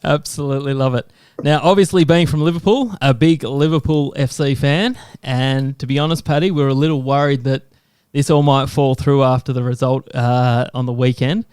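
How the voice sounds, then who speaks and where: A man's voice: medium pitch, fairly even intonation, moderate pace, darkish tone, clear, resonant tone, no echo. An Australian man co-hosting a podcast, asking friendly questions in a chummy way and calling people "mate". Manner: chummy, keeps saying "mate". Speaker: podcast co-host. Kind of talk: casual interview chat.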